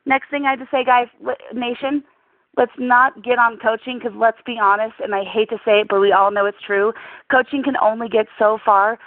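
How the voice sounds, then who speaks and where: A woman's voice: on the high side, no echo. A woman calling in with a heated, profane, rambling fan rant. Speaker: caller leaving a fan rant. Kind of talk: voicemail rant. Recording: tinny phone line.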